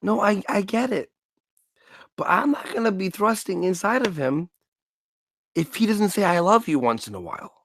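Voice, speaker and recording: A man's voice: sits high, moderate pace, pauses often, slight background noise. A man talking on a stream, swearing freely and acting out little scenes with different voices. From Canada. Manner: animated, profane, acts out scenes in funny voices. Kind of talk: casual stream commentary.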